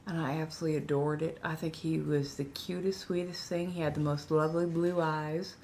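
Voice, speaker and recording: Low-pitched cali woman just chatting on her stream, repeats stuff a lot, faint hum behind her. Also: flat delivery, a little fast, darkish tone. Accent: Californian. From Southern California. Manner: chatty, repeats herself, reads and answers chat. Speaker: ASMR livestream host. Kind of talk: casual livestream chat.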